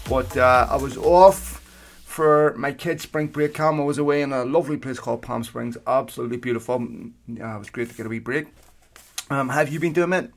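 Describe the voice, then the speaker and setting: A man's voice: mid-range voice, a little fast, creaky. A man hosting a football podcast in casual, jokey banter with his co-host. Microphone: home podcast microphone with earphones.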